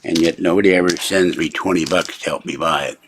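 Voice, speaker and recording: A man with a slightly low voice vents at his computer, sounding fed up and annoyed. He rambles from one complaint to the next in a loose, casual video chat, picked up by the mic on his desktop setup. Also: steady tone, fast talker, slight background noise. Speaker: channel host. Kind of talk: casual live video rant.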